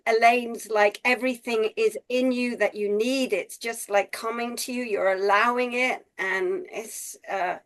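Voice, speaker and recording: A woman on a group video call, gushing with praise, rambling with many fillers. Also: on the high side. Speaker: call participant.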